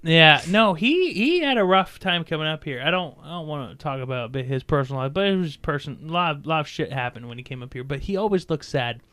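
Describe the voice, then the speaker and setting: A young man hosting a podcast, excitable and swearing freely in casual chat. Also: a little high, brisk, hardly any pauses. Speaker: podcast host.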